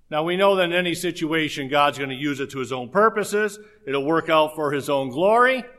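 Conversational preacher, a man pitched a bit high. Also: bright, forceful tone. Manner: conversational with humorous asides. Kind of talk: sermon.

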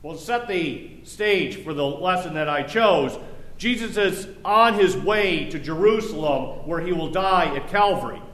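A man with a high voice delivers a sermon as a pastor. He reads scripture and then explains it in a loose, conversational way with joking asides. The recording is roomy and echoey, as if from a church sanctuary. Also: lively intonation, measured pace, a bit bright. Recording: echoey room.

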